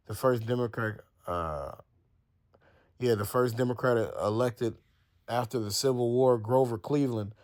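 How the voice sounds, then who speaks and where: A man's voice: lowish voice, a little mellow. A man reading Bible verses aloud and explaining them in casual slang, stumbling over words and acting out the people in the story. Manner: stumbles and restarts, thinks aloud while checking facts. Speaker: Bible teacher.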